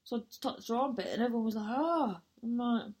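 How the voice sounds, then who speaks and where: A woman's voice: a little high, fairly even intonation, racing, mellow. A woman, a comedian and actor, telling a rambling story with self-mocking asides and casual swearing.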